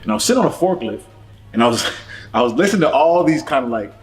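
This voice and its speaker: A pastor telling his story in a casual church talk show, animated and laughing often. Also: mid-range voice, fast talker, faint music behind.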